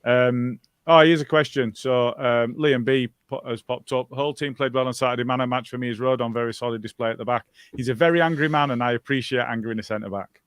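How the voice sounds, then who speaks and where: Brief: male podcast host, halting with fillers, dry close mic. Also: medium pitch, steady tone, smooth, no echo. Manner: hesitant, many ums, reads listener comments. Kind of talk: casual football chat.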